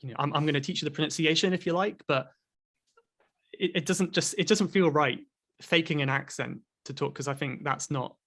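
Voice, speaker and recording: A man with a somewhat high voice talks casually about teaching English. He often repeats words as he begins a thought, and agrees along in a friendly way. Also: a little fast, fairly bright tone. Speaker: English teacher, podcast co-host. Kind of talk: casual chat.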